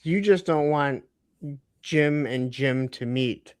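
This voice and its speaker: A man's voice: mid-range voice, takes it slowly, clean tone, no room sound, studio quality. A man co-hosting a casual livestream, teasing the others with wisecracks. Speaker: livestream co-host. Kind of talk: casual chat.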